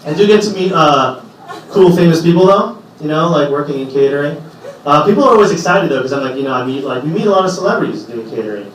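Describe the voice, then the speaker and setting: A man works through a stand-up set, chatty and loose and now and then jumping into a character's voice. His voice sits a little high. It comes from a mic set back from him, through heavy room echo, with a faint club murmur behind. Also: lively intonation, slight background noise. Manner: conversational, acts out characters in quick bursts. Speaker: stand-up comedian. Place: small comedy club stage. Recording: roomy echo from a distant mic.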